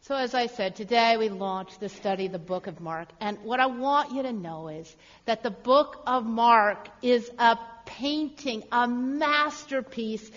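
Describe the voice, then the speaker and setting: A woman preacher telling a story in a sermon, animated and emphatic, with fillers. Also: on the high side. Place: church. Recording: echoey hall, dull sound.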